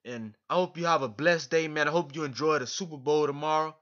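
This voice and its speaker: Effusive vlogger, male, bright tense voice a bit high, muffled lo-fi audio. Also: brisk. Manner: effusive, repetitive, keeps saying "man"; emotional, grateful. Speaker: boxing fan vlogger. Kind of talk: direct-to-camera vlog address. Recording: dull lo-fi recording.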